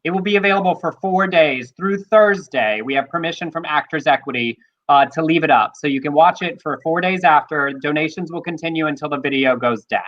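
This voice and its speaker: A man co-hosting a live-streamed talk show in a high voice. His remarks are quick and wry, and he reads out viewer questions. The audio sounds dull and lo-fi. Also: fairly bright tone. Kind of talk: casual live-stream chat.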